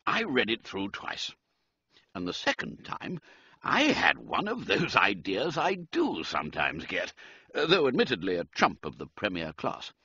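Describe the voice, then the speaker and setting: Man, audiobook narrator, hugely swooping pitch, bright and husky, dry dull recording. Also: wildly swooping pitch, unhurried, dry recording. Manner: theatrical, swooping, playing all characters. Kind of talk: animated storybook narration.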